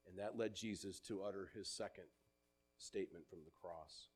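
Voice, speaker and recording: A man preaching a sermon, earnest and measured, who quotes scripture in older English and lets his voice sink at the ends of phrases. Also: deep voice, slightly rough.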